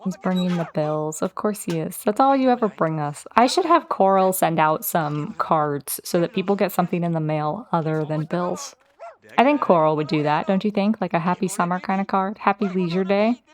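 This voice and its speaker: Woman host, low-ish voice, easygoing game commentary with asides to her characters. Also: animated, moderate pace. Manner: chatty, talks directly to her game characters. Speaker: let's play host. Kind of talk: casual gameplay commentary.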